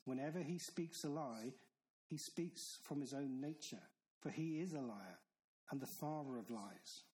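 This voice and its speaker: A man's voice: medium pitch, measured pace, a little mellow, low-quality recording. A man preaching a sermon in an earnest, stern manner, with emphatic repetition. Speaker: pastor.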